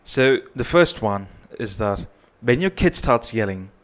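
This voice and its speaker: A man's voice: medium pitch, animated, a little slow. A man giving earnest parenting advice, often checking in with "right?". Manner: earnest, repetitive, tags points with "right?". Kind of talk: advice talk to camera.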